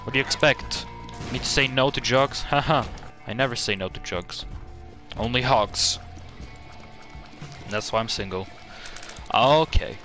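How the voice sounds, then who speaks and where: A man hosting a gaming channel, giving excitable, jokey gameplay commentary full of swearing and sudden outbursts. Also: mid-range voice, measured pace, long pauses, soft background music.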